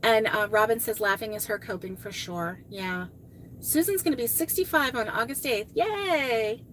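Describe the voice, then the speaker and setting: Reading out comments from her crochet live stream's chat, a woman talks casually with viewers and gushes and exclaims a lot. Her voice is a little high and fairly bright, at a moderate pace, with a slight hiss or hum.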